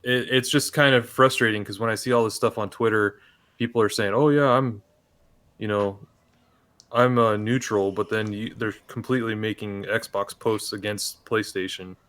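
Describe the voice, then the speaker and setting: A man's voice: fairly low pitch, steady tone, normal speed, a bit bright. A man on a gaming podcast panel who talks in a rambling, frustrated way and often repeats words. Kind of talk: casual panel chat.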